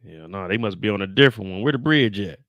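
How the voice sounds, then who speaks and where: Animated, exasperated man streaming to chat. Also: lowish voice, fast talker, no room sound, highs cut off. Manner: animated, exasperated, swears freely, talks to chat. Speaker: show reaction streamer. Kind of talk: casual livestream chat with viewers.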